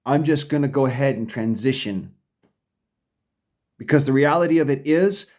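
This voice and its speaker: A man's voice: a little high, a little mellow. A man delivering a profane, combative ranting monologue to camera, often stumbling and restarting his sentences. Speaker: vlogger.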